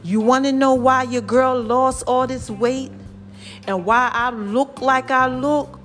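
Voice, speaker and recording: Animated woman vlogger chatting to viewers. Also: sits high, slow pace, faint music behind. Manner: animated, preachy, addresses viewers as y'all and child. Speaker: vlogger sharing a health testimony. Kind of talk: casual chat to viewers.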